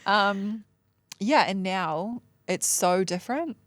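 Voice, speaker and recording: Frank, gravelly-voiced woman opening up. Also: mid-range voice, no echo. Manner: frank and self-deprecating, swears casually, laughs often. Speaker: coaching client, mom and entrepreneur. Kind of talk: candid podcast coaching conversation.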